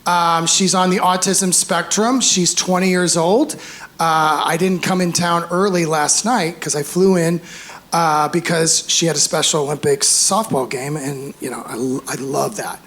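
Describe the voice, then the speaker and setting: A man in his fifties performing a stand-up comedy set on a club stage, animated, acting out voices and shouting punchlines. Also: a little high, unhurried. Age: 50s. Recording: roomy live club sound with faint crowd noise. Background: audience laughter.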